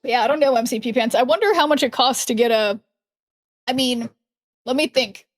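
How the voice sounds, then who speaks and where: A woman's voice: a little high, moderate pace, no room sound, studio quality. A young adult woman streaming and chatting casually with her viewers, rambling with lots of fillers and self-corrections. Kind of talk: casual chat while gaming, reading chat aloud.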